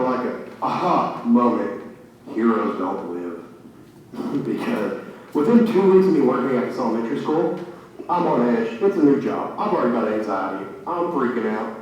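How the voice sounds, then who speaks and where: A man doing live stand-up comedy, laughing at his own jokes and acting out quick bits of dialogue. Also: mid-range voice, darkish tone, a little hiss or hum. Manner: acts out dialogue in quick impressions. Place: veterans' hall stage. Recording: echoey hall mic from a distance.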